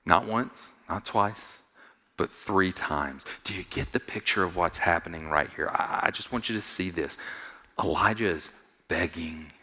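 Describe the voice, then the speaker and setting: Male pastor, sermon, lowish pitch, forceful and bright tone, repeats lines for emphasis, long hall reverb. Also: unhurried, slightly rough. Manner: builds from quiet, low asides to loud, high-pitched exhortation; repeats phrases for emphasis, asks the congregation questions.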